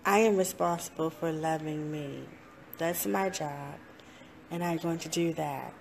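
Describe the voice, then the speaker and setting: Woman life coach talking slow and earnest, kinda repetitive, bit of faint background hiss. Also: sits low, gravelly. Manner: slow, repetitive, earnest, with laughs and playful self-talk voices. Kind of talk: motivational talk to camera.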